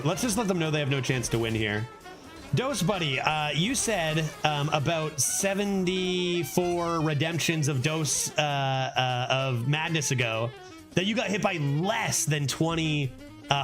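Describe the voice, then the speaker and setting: A man livestreaming a card game, giving excitable, casual commentary and laughing often. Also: on the high side.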